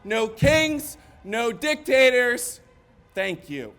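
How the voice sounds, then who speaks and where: A young man giving an impassioned, declamatory rally speech outdoors, building to shouted lines. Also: very high voice, sing-song, very slow, over music. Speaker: rally speaker.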